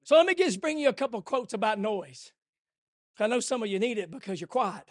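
High-pitched shouting preacher man. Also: lively intonation, brisk, no echo. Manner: swings from low, hushed murmurs to shouted, rhythmic preaching; repeats refrains in a call-and-response cadence. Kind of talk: sermon. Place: church service.

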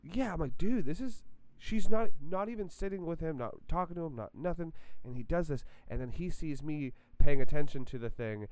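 A man casually telling a story on a podcast, animated and full of filler words and restarts. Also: a little high, brisk, hardly any pauses, smooth, no echo. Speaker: podcast co-host.

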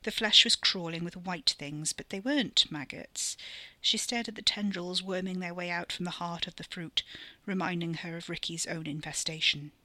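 Female podcast storyteller, steady expressive narration, bright tone, dry close mic. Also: lowish voice, normal speed, few pauses, no room sound.

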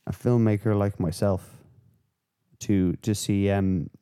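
A man hosting a podcast, rambling through casual, sweary, animated rants. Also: lowish voice, slow pace, clear, resonant tone. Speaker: podcast host. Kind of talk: casual chat.

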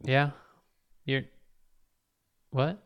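A man's voice: mid-range voice, fairly even intonation, extremely slow, smooth, muffled recording. A man hosting his own podcast alone, rambling in a self-mocking way and swearing often. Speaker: podcast host. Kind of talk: casual solo podcast monologue.

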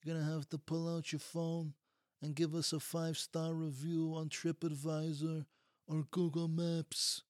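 A man's voice: on the high side, flat delivery, measured pace, darkish tone, no echo, clean studio sound, voice pushed up, close to an everyday voice. A man voicing a restaurant Godfather impersonator, talking in a mock-menacing mobster manner. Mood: mock-threatening. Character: male restaurant Godfather impersonator, mob-boss swagger.

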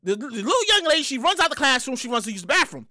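A woman hosts her own podcast in a loose solo monologue, her voice riding very high with lively, swooping pitch. She sounds bright and punchy, hyped and profane, rambling and repeating herself. The sound is close and dry. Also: rapid-fire, dry recording. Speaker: podcast host.

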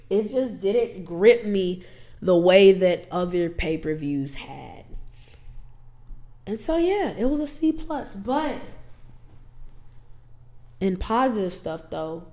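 A woman co-hosting a casual podcast, her voice hoarse and nasal from a cold, chatty and heartfelt. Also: mid-range voice. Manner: chatty, heartfelt sign-off with sports shout-outs. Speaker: podcast co-host.

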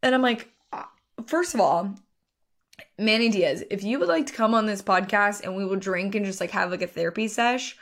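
A woman co-hosting a sports podcast in casual chat. She talks in an animated, rambling way and fills her sentences with "like". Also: medium pitch, normal speed. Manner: chatty, heavy use of "like", animated. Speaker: podcast co-host.

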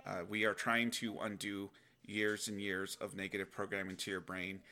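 A young adult man hosting a casual self-help video, speaking reflectively and acting out inner dialogue with sudden animated outbursts. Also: lowish voice, normal speed. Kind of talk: casual spoken reflection to camera.

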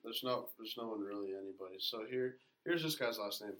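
A man's voice: fairly low pitch, a little fast, a bit bright. A man hosting a casual podcast, quizzing friends on how to say players' names. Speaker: podcast host. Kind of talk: casual chat. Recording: distant mic with faint noise.

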